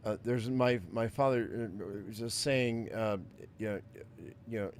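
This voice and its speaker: A streamer with a low-leaning, fairly even voice comments on his game a little slowly, with slight background noise. Casual throughout, he swears, repeats words, and grouses about being angry.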